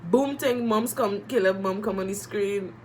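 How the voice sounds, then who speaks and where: Excitable woman reviewing a reality show. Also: medium pitch, unhurried, slight background noise, low-quality recording. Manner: animated, repeats phrases for emphasis, uses slang; moved and emotional while talking. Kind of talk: casual chat review.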